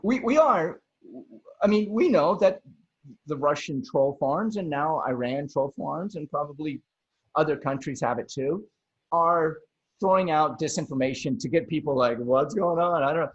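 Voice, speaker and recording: A man hosting a casual chat over a video call, rambling with lots of restarts and animated bursts. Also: fairly high pitch, normal speed, breathy edge. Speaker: podcast host. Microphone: video call mic. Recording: dull lo-fi video call audio.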